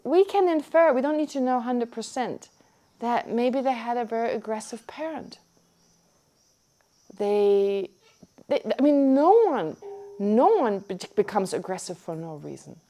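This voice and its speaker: Woman teaching, soft and mellow. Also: a little high, measured pace. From Germany. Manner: animated, restarts often, acts out her own shock. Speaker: Buddhist teacher. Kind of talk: dharma teaching with personal story.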